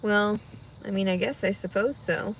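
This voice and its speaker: A heavily pregnant woman chatting casually with viewers on a livestream, rambling and anxious, her voice jumping into loud high cries when she gets upset. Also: fairly even intonation, moderate pace, vocal fry, a little hiss or hum. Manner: rambling, talks through her worries out loud. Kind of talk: casual live chat.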